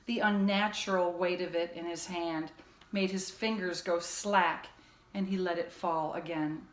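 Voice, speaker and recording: A woman teacher reads a children's chapter book aloud, recapping the story casually and then reading with expression. Her voice sits at a middling pitch, and the room adds a noticeable echo. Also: a bit bright. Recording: echoey room.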